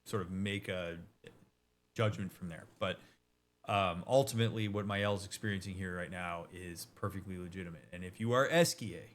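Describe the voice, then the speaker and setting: A therapist talks over a game in a low-pitched voice. His style is casual and explanatory, direct and emphatic, with quick asides and restarts.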